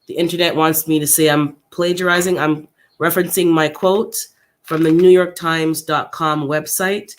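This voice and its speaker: A man hosting a casual livestream for his viewers, upset and unsettled, who thinks out loud in a halting way and often repeats his words. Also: on the high side, little pitch movement. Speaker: gardening channel host.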